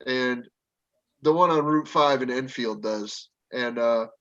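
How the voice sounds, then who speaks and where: A man's voice: medium pitch, slow, fairly bright tone. A man chatting casually with friends on a video call, rambling with lots of fillers. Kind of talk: casual chat. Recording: dull lo-fi call audio.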